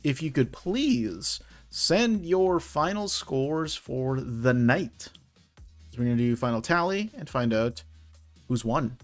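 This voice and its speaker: A man's voice: mid-range voice, lively intonation, slow, faint music behind. A man hosting an online trivia night, reading out answers in a chatty, rambling way and correcting himself as he goes. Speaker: trivia quiz host. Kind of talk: casual live quiz hosting.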